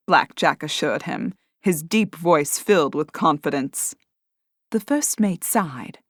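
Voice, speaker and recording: A woman narrating an audiobook in a measured, expressive way. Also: deep voice, dry recording, studio quality. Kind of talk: scripted narration.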